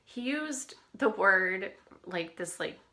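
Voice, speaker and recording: A woman's voice: medium pitch, expressive, slow pace, sharp tone. A woman speaking in a personal video diary about caring for her husband, emotional and often dropping to a whisper.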